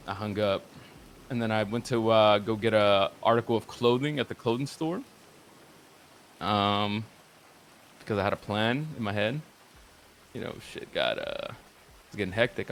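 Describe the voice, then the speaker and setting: A man's voice: fairly low pitch, moderate pace, pauses often, a little hiss or hum. A man casually recounting a roleplay session, rambling and cursing as he quotes the others back and forth. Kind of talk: casual storytelling.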